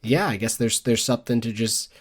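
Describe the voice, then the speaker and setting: A man's voice: medium pitch, brisk, husky. A man in his forties co-hosting a casual book club podcast, telling rambling stories and laughing at his own anecdotes. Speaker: podcast co-host.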